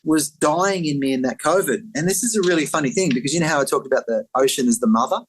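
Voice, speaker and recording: A middle-aged man, a guest in an interview, telling a personal story in an animated way, acting out quoted voices and using lots of filler words. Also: on the high side, fast, low-quality recording.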